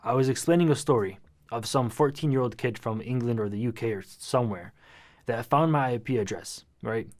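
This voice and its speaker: Brief: male YouTuber, mid-pitched, slangy and dramatic storytelling. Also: brisk, a little mellow. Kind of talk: casual vlog storytelling.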